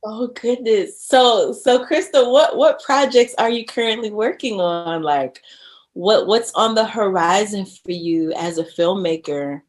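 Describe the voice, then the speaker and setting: A woman hosting a casual interview, relaxed and slangy with filler words. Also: medium pitch, measured pace. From United States. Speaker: host.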